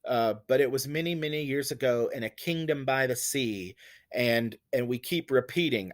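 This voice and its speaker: Man, mid-pitched, relaxed lecturer, thinks aloud, restarts phrases, slows down to stress vowel sounds in quoted verse. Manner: conversational, with fillers and self-corrections. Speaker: teacher. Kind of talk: recorded lecture on poetry.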